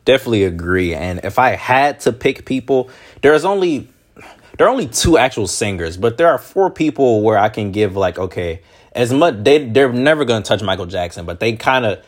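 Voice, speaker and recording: A man's voice: mid-range voice, big pitch swings, normal speed. A young man hosting a podcast, talking in a loose, meandering, conversational way. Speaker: podcast host. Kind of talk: casual podcast chat.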